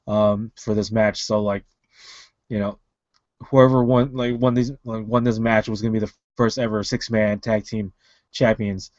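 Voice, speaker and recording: A man's voice: mid-range voice, a little mellow, no room sound, dull audio. Rambling man on a dry online call. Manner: rambling, many fillers and restarts. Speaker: podcast co-host. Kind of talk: casual wrestling chat.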